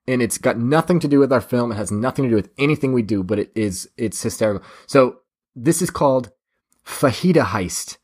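Easygoing male podcast host. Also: mid-range voice. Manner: easygoing, reads a news story aloud with asides. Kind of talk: casual podcast chat.

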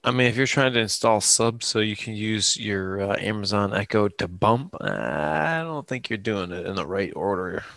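A man co-hosting a casual truck podcast over a video call, laid-back and quick to laugh. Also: lowish voice, lively intonation, creaky, a bit bright, no room sound. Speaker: podcast co-host. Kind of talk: casual chat.

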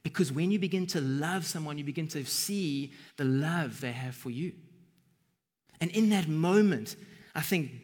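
Brief: earnest male preacher, husky and fairly high voice, long hall reverb. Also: moderate pace, a little mellow. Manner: earnest, building to emphatic bursts. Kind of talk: sermon.

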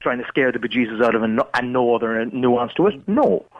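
Husky man on a dull line. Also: medium pitch, animated, quick pace, no echo. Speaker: schoolteacher, parent. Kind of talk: radio discussion guest.

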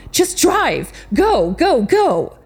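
A strong, unflappable male vampire, voiced by a woman storyteller barks orders in a commanding, gravelly voice. His tone stays dark and mellow, and his pitch jumps about with lively swings. It sounds like a storybook read aloud. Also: normal speed, full character voice. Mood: urgent. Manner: commanding, urgent shouting.

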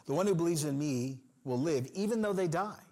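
A man preaching a sermon in an expressive style, acting out the people in the story with sudden swings in pitch and loudness. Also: a little fast. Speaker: pastor.

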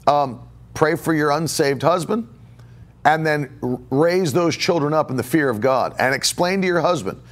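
A middle-aged male pastor preaching on a podcast in a slightly raised voice. He hammers home each point by repeating it, and he stops to take questions from listeners. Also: fairly high pitch. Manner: emphatic, repeats phrases for stress; takes viewer questions live. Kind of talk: podcast sermon.

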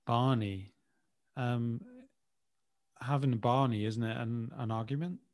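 Male guest from Birmingham, mid-pitched, halting but cheerful chat. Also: darkish tone. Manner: hesitant, good-humoured guessing. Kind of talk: casual chat.

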